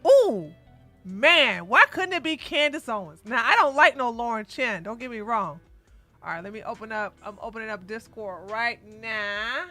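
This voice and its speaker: A woman hosting a casual livestream, chatting animatedly and breaking into loud outbursts. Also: fairly high pitch, expressive, normal speed, soft background music. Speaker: livestream commentary host.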